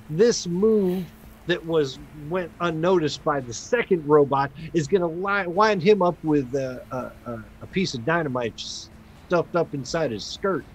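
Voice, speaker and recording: A man narrating a tabletop game as game master, relaxed and playful. His voice sits a little high, with a faint hiss of ambient noise in the background. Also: poor audio.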